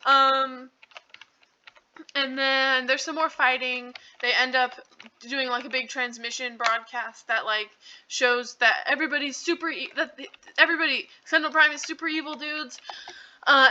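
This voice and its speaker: Woman, casual movie recap, rambling, lots of fillers, high voice, dull lo-fi audio. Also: fairly even intonation, normal speed, pushed and bright. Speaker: channel host. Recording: dull lo-fi recording.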